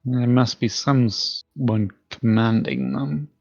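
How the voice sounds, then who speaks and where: British guy gaming, super slow, kinda dull mic, music faint behind. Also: mid-range voice, gravelly, dry recording. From Britain. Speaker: player. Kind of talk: tabletop game play.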